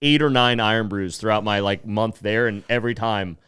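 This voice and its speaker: A man, co-hosting a comedy podcast, telling crude, animated stories. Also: fairly low pitch, a little fast, clean tone. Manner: animated, crude storytelling with swearing. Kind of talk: casual comedic chat.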